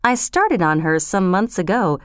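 A woman's voice: fairly low pitch, very animated, a little slow, clear, resonant tone, dry recording, studio quality. A woman voicing a brusque, self-assured middle-aged male professor in a storybook reading. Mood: confident. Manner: confident, impatient.

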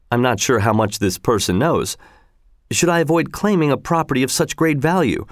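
A man narrating a story aloud in a steady, measured reading manner. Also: medium pitch, no echo, studio quality. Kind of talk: scripted audiobook narration.

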